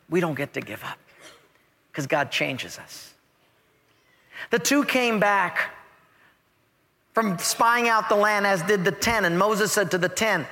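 A man preaching a sermon as pastor, an animated storyteller who acts out the voices in his stories. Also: vocal fry. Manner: animated storyteller, acts out quoted voices with big pitch swings. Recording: echoey hall reverb.

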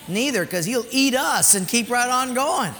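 High bright pastor guy telling a story in a big echoey hall, faint room hum. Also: moderate pace. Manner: animated storyteller acting out dialogue, laughing. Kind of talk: storytelling sermon. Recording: reverberant hall, faint ambience.

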